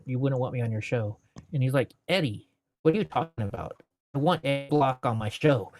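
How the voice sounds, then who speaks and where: A man's voice: mid-range voice, a little mellow. A man as an interview guest, telling stories from his life in a rambling, casual way, filling his talk with "you know".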